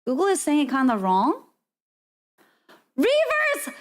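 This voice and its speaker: A woman streamer with a high, sing-song voice chats casually with her audience at a moderate pace. She's playful and giggly, trying out words aloud during the live stream.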